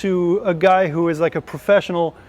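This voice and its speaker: A man with a notably high speaking voice hosts a relaxed chat. He talks loosely, with plenty of fillers, and gives his listeners friendly warnings. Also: a little fast. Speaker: host. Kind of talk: casual chat.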